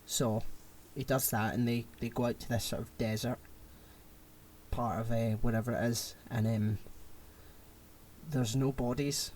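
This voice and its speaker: Man, casual podcast co-host, rambling and animated, mid-pitched voice. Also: a little slow, long pauses, slight background noise. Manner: animated, rambling film retelling with acted-out quotes. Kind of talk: casual chat.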